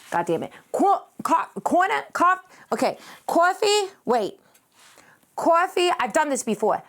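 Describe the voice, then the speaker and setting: A young woman talks casually to her viewers as she paints on a live stream. She speaks slowly and lazily, and her voice sits a little high. She is giggly and playful and swoops upward when she reacts to chat. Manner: giggly, playful, reads chat aloud and jumps in pitch.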